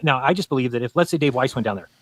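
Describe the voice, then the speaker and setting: A man's voice: medium pitch, expressive, rapid-fire, no room sound. A man arguing in a debate, insistent and lecturing, pressing his points hard. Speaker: debate guest. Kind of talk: heated debate talk.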